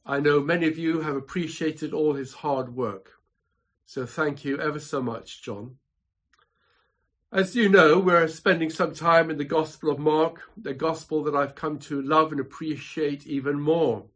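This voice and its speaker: A man preaching a sermon from his home study, measured and emphatic, building points through dramatic repetition. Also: fairly high pitch, steady tone. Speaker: pastor.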